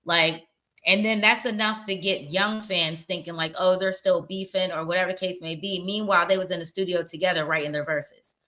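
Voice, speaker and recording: A woman's voice: fairly low pitch, steady tone, fairly quick, sharp tone. A woman hosting a casual pop culture stream, talking candidly and cursing freely, with an accent that mixes Virginia and the northern US. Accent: mixed Virginia and northern US. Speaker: podcast host.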